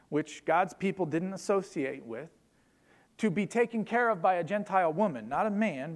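Pastor, male, fairly high voice, casual emphatic preaching, church setting. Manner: conversational, emphatic preaching with asides. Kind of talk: sermon.

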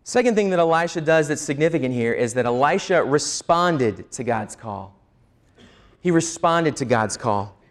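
A man's voice: a little high, lively intonation, normal speed. A male pastor preaching a sermon, teaching earnestly and asking the listeners rhetorical questions.

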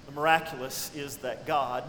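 A male preacher delivers a sermon with a bright, high-pitched voice. He swings from near-whispers to ringing cries. The sound is echoey, with a long hall reverb and faint ambient noise behind him. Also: fairly even intonation, moderate pace. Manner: dynamic preaching, dropping to hushed tones then rising to cries. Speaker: pastor.

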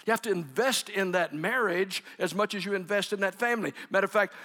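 A man's voice: high voice, fairly quick, sharp tone, in a large hall. A man preaching a sermon in a folksy, joking way, often laughing and acting out quotes. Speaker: pastor.

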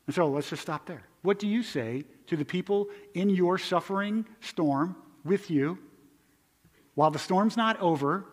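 A male pastor preaching a conversational sermon, moving between loud emphatic stretches and hushed quiet ones. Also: high-pitched, measured pace, in a large hall.

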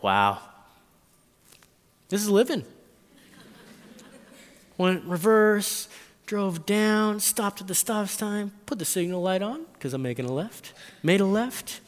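A man in his thirties preaching a sermon, telling a personal story and acting out his own thoughts in lively bursts. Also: on the high side. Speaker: pastor. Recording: long reverb in a hall.

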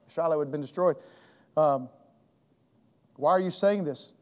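A man's voice: on the high side, a little slow, long pauses, in a large hall. A man teaching an evening Bible class with earnest emphasis, often restarting and repeating phrases while his throat keeps catching. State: throat trouble, clearing his throat.

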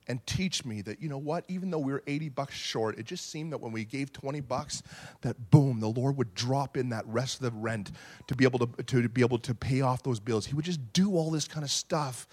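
A man preaching a sermon, animated, swinging from quiet reflection to shouting. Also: fairly high pitch, husky. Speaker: pastor.

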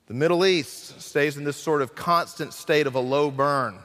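A man preaching a sermon as a guest speaker, earnest and dramatic, slowing down for emphasis and acting out quotes. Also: on the high side, a bit bright, big-room sound.

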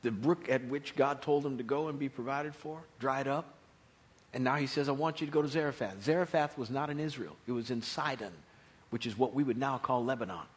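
Animated storytelling preacher man. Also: mid-range voice, moderate pace. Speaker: pastor. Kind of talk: sermon.

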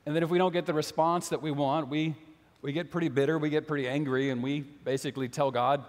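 A man's voice: fairly high pitch, fairly even intonation, quick pace. Earnest male pastor in a reverberant hall. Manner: earnest, questioning, repeats phrases for emphasis. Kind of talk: sermon.

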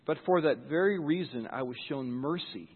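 A man's voice: medium pitch, expressive, moderate pace, husky, big-room sound, narrow, tinny audio. A pastor giving a sermon in church, earnest and conversational, often repeating words as he starts a thought.

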